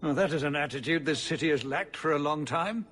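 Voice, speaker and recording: An actor playing a weary, cautious older city ruler who speaks in a measured, formal way, in video game dialogue. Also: male voice, a little high, a bit bright. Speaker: city ruler addressing the hero.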